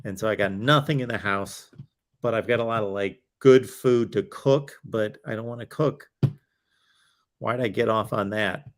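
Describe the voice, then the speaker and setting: A man with a lowish voice and a moderate pace hosts a college football livestream. He's tired and his voice is wearing thin, and he rambles chattily through casual talk full of fillers and comments to himself.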